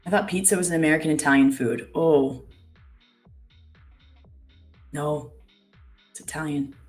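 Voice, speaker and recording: A woman's voice: low voice, a little slow, faint music behind. A young Canadian woman hosting a live trading stream in casual chat, reading viewer comments aloud. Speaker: trading show host.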